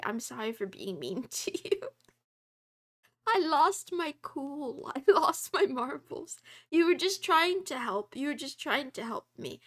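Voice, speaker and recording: High-pitched giggly woman streamer. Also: fairly bright tone. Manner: giggly, self-deprecating, playfully meows. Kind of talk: casual livestream chat, reading chat aloud.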